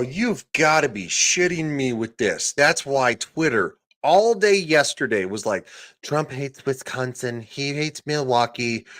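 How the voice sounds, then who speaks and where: A man hosts a live stream with casual, excitable commentary. His voice sits at an ordinary pitch, and he is quick to laugh at himself. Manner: excitable, self-deprecating, quick reactions.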